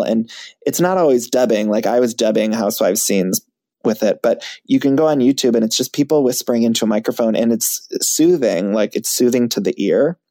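A man chatting as a podcast guest, animated and self-mocking, laughing at himself often. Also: medium pitch. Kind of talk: casual chat.

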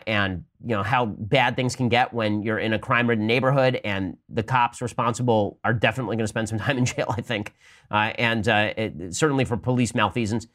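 A man hosting a political podcast, delivering rapid-fire argumentative commentary that climbs in pitch when he drives a point home. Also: a bit bright.

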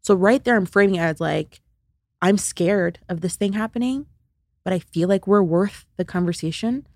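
A woman talking as a podcast guest and friendship coach, lively, acting out the lines she quotes. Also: medium pitch, moderate pace, dry recording. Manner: animated, acts out quoted lines. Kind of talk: conversational interview.

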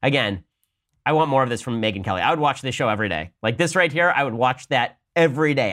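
Fast-talking argumentative male show host. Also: medium pitch, fairly bright tone. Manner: rapid, argumentative, rhetorical questions. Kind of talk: political commentary, reading listener mail.

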